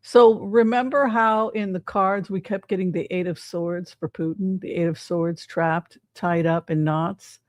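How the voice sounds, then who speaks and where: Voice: medium pitch, steady tone, unhurried, few pauses, dry recording, clean studio sound. A psychic tarot reader giving casual livestream commentary in a chatty way, often asking the audience rhetorical questions.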